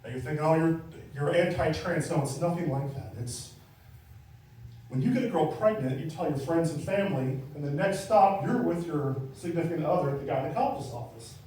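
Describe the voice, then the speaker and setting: A high-voiced male comedian working a small club crowd with chatty, teasing banter. He is picked up from some distance. The room throws heavy echo back at the mic. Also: lively intonation, brisk, dark tone, slight background noise. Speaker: stand-up comedian. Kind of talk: stand-up comedy set. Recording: echoey club from far off.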